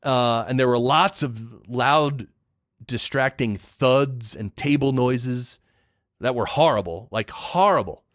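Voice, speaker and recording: A man's voice: medium pitch, takes it slowly, dry recording, studio quality. A man hosting a solo podcast, giving a casual, opinionated rant full of emphatic repeats and blunt judgments. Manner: opinionated, emphatic ranting with repetitions. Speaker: podcast host.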